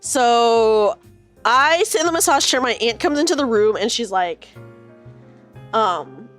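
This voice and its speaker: A woman's voice: fairly high pitch, expressive, unhurried, a bit bright, soft background music. A woman in her thirties chatting with her stream viewers from her room, telling a rambling story full of fillers and swearing now and then. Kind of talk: casual chat with live viewers.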